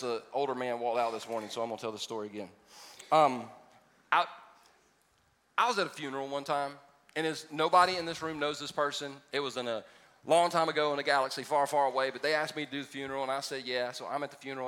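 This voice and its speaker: A man's voice: mid-range voice, pushed and bright, long reverb tail. A man preaching a sermon as pastor to a congregation, telling funny stories and building to emphatic exhortation. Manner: humorous storytelling, rising to emphatic exhortation. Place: church auditorium before a congregation.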